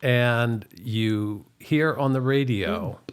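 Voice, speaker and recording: A man's voice: mid-range voice, drawn-out words, smooth. Man hosting with playful prompts. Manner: brief affirmations, playful prompting questions. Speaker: podcast host. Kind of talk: casual interview.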